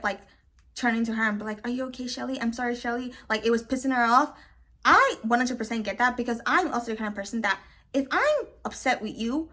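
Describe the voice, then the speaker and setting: A young woman giving a casual, opinionated recap of a reality show, ranting in an animated way and often saying "like" and "okay". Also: a little high. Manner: animated, ranting, fast, says "like" and "okay" a lot.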